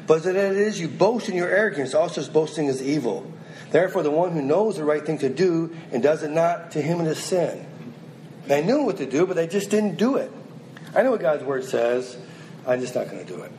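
A man delivers a sermon in a slightly raised voice, moving between steady scripture reading and urgent, pressing appeals to his listeners. A faint hiss of background noise sits under the recording. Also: on the high side, low-quality recording. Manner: reads scripture then exhorts directly, rising and pressing. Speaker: preacher.

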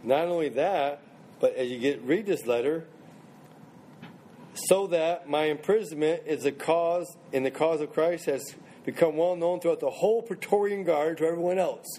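Man, Bible study teacher, mellow tone, conversational, restarts phrases, faint background hum. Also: on the high side, moderate pace. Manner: conversational, repeats and restarts phrases, asks the group questions.

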